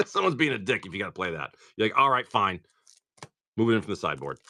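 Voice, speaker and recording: A man's voice: lowish voice, big pitch swings, fast, sharp tone, slight background noise. A man chatting casually on a livestream, swearing freely and reading off card names as he opens packs. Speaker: livestream card-pack opener.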